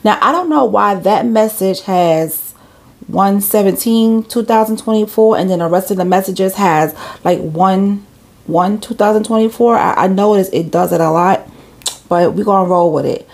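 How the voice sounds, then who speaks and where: A woman's voice: medium pitch, normal speed, creaky, a little mellow. A woman hosting her channel, chatting casually and reading messages aloud with chatty asides and rhetorical questions. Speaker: channel host.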